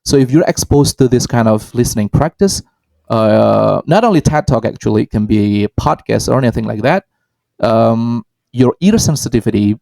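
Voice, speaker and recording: Hesitant man, dark dry voice. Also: mid-range voice, animated, moderate pace, vocal fry, dry recording, low-quality recording. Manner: hesitant, many ums and restarts, models example phrases. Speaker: podcast co-host. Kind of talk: casual educational chat.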